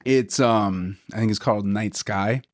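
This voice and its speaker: A man's voice: on the low side, a little slow, no echo. Chatty young man, dry close sound. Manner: enthusiastic, rambling, says "dude" a lot. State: slightly losing his voice. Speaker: podcast host. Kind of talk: casual solo podcast talk.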